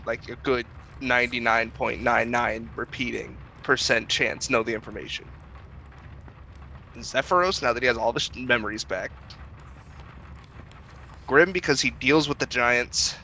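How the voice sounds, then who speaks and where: Man, gravelly, bright tone, rambling tabletop player who swears; faint noise behind. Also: mid-range voice, poor audio. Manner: rambling, laughs often, swears. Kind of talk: in-character tabletop play.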